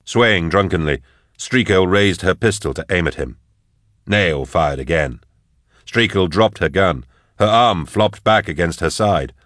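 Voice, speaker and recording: A man narrating an audiobook in a measured, even way. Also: deep voice, dry recording, studio quality.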